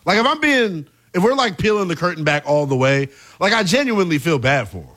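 A man co-hosting a sports talk show, speaking in an animated, conversational way with plenty of "like" and "you know". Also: high voice, brisk. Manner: animated, conversational, lots of fillers. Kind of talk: casual sports debate.

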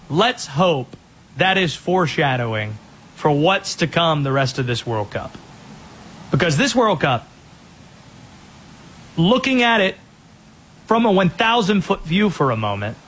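A man hosting a sports talk show, giving energetic, opinionated rundowns of players and teams. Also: fairly high pitch, a little hiss or hum.

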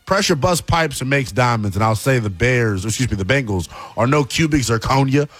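A man giving animated sports analysis on a talk show, playful and emphatic. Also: fairly quick, soft background music. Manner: emphatic, playful, lively swings in pitch.

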